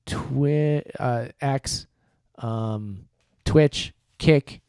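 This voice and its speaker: A man co-hosting a live podcast in easy, rambling chat, pitched squarely in the middle. He keeps stopping to correct himself and plug the channels. His voice sits close and dry on the studio mic, with no room sound around it. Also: drawn-out words, a little mellow, no echo. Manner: rambling, self-correcting, upbeat plugs. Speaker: podcast co-host.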